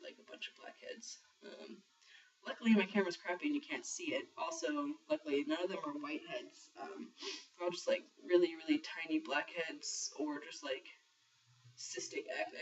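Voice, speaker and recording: A young trans man talking casually in a video diary, rambling with lots of ums and the odd swear word. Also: a little high. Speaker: vlogger sharing a transition diary. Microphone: built-in camera mic. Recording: muffled lo-fi camera audio from a distance.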